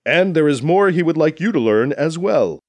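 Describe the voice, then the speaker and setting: A man voicing a proud, solemn male alien captain who speaks in a formal, measured way. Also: fairly high pitch, expressive, dry recording.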